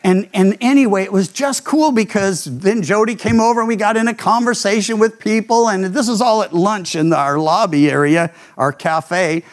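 A man's voice: sits high, moderate pace, hardly any pauses. An older man, a pastor with grandchildren, preaching a sermon and telling stories, often acting out the voices of people he quotes. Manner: animated storytelling, acts out quoted voices.

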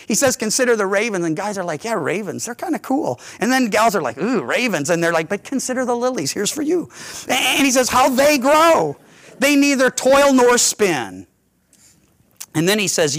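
A man's voice: high voice, fairly bright tone. A middle-aged man preaching a sermon in a folksy, conversational way, with light humor and frequent restarts. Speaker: pastor.

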